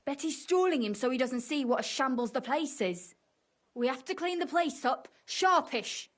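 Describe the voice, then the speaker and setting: A bossy, no-nonsense woman who runs a tavern. She talks in a fairly high voice and rattles off brisk, scolding orders. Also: lively intonation. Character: bossy woman running a tavern, impatient and practical.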